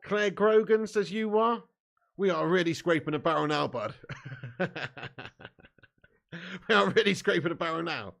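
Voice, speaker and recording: Man, slightly high voice, live-stream host, reads viewer comments, jokey banter, laughs a lot. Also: normal speed, gravelly, pauses often, a bit bright. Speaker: football watch-along streamer.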